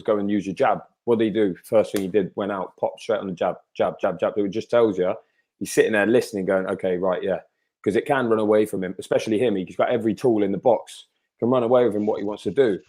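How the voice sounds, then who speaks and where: Fast-talking pundit, low mellow voice. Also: male voice, fairly even intonation. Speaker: boxing pundit. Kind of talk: casual podcast chat.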